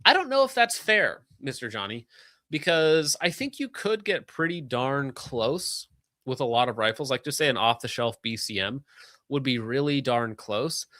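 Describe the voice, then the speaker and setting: A man hosting a casual livestream, reading donations with sarcastic jokes and quick asides. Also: mid-range voice, animated, pushed and bright, dry recording, studio quality.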